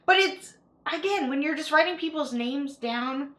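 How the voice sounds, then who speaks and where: Young woman commentator, high bright voice, chatty, lots of "like" fillers, casual reaction talk. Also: moderate pace. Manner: chatty, filler-heavy with frequent "like", repeats herself. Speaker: YouTube commentator.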